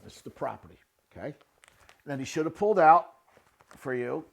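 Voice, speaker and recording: Blunt builder type, high gravelly male voice, repeats "right?" as he critiques. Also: animated, normal speed. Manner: blunt, repetitive, asks "right?" often. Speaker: real estate builder reviewing a listing. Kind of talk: casual screen-share commentary.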